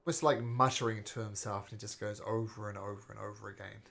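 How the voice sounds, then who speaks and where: A man's voice: on the low side, fairly even intonation, quick pace, gravelly, fairly bright tone. A man acting as game master, giving matter-of-fact rulings to the players. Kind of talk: running a tabletop game.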